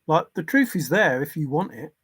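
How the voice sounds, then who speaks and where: A man with a fairly high voice hosts a casual livestream from home. He talks in an earnest, insistent way and stops to answer viewer comments. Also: big pitch swings, normal speed, fairly bright tone, slightly rough. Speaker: livestream host. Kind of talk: casual livestream talk on religion.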